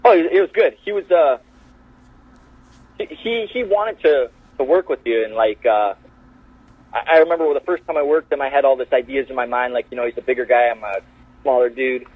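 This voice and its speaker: A man's voice: mid-range voice, fairly quick, slightly rough, no echo. A man, a wrestler guest, telling backstage stories in casual chat and acting out the quotes. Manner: animated, acts out quotes in changed voices. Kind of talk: casual storytelling. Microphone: phone call. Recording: tinny phone line.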